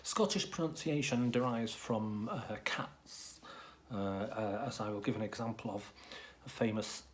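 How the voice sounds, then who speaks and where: A man giving a deadpan comic monologue as a mock professor, hesitant and rambling with many ums and restarts. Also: lowish voice, unhurried, slight background noise. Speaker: comic presenter playing a professor.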